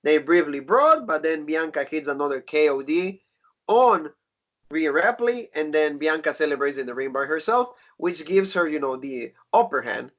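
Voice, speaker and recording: A man with a somewhat high-pitched voice co-hosts a casual podcast. He recaps events in an easygoing way, with plenty of filler. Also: normal speed. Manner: relaxed recapping with fillers like "you know". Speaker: wrestling podcast co-host.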